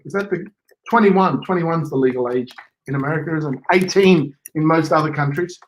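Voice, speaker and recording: A man's voice: on the high side, brisk, slight background noise, rough recording. A man co-hosting a giveaway livestream, joking and playful in casual chat. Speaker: co-host.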